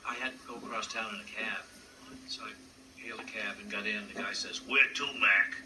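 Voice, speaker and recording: A puppeteer telling stories in an interview, with a hesitant delivery full of fillers and acted-out voices. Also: male voice, on the low side, flat delivery, fairly quick. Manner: hesitant, frequent fillers, acts out voices in anecdotes. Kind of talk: storytelling interview. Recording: distant mic with background noise.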